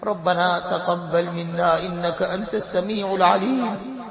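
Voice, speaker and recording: High-voiced man leading prayer in an echoey hall. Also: steady tone, racing, gravelly, crowd noise. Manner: fervent, repeating a refrain after each plea. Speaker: imam. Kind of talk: leading congregational supplication and announcements.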